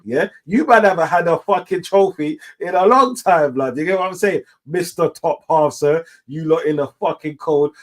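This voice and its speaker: A man's voice: on the high side, moderate pace, hardly any pauses. A man hosting a football fan call-in show, ranting heatedly with heavy swearing and slang.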